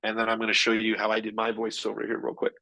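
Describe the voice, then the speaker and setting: A man presenting marketing tools in an energetic, chatty live software demo, with quick shifts in pace. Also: fairly low pitch, low-quality recording.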